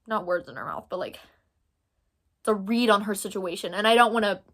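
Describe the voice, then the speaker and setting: A woman's voice: medium pitch, fairly quick, fairly bright tone. A young woman from Texas giving casual commentary, thinking aloud and rambling with lots of filler words. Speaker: commentary creator.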